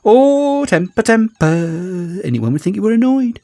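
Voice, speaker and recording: A man's voice: a little high, big pitch swings, normal speed, dry recording, voice pushed up. A man doing a gleeful, taunting male villain. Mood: mocking. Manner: taunting, sing-song mockery. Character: gleeful spiteful male villain, childish and boastful.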